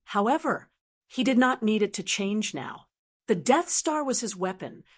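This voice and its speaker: A woman narrates a fantasy web novel for an audiobook. Her voice sits at an ordinary middle pitch, and she keeps an even, unhurried storytelling pace throughout. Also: husky.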